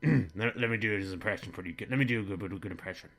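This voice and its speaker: Talking quickly in a lowish, bright-toned voice, a man performs a comedic monologue as a crude, bigoted middle-aged father. The character blusters and rambles throughout.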